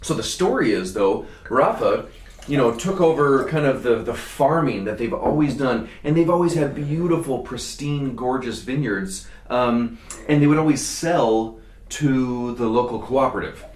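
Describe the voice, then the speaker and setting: A man's voice: medium pitch, expressive, normal speed, a little mellow. Joking, rambling wine show host man. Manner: jokey, rambling, filler-heavy. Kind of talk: casual wine tasting chat. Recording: roomy sound from a distance.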